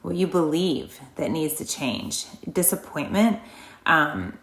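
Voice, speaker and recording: A woman's voice: deep voice, lively intonation, slow pace, roomy sound. A woman hosting a wellness channel, guiding an emotional release exercise in a chatty, rambling, earnest way. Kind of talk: guided emotional release talk.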